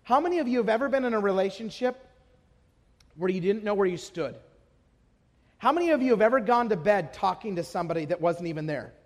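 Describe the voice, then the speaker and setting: Man preaching, voice sits real high, goes quiet then loud, big echoey church hall. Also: lively intonation, fast talker. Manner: passionate preaching, swinging between hushed and shouted. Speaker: pastor. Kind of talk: sermon. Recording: long hall reverb.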